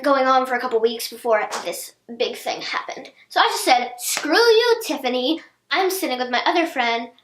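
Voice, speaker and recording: Bubbly teen vlogger with a high voice, talking to camera in a reverberant room. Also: female voice. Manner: chatty, animated, acts out quotes of others. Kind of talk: storytime vlog, casual chat. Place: indoor room, seated on a chair. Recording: echoey room.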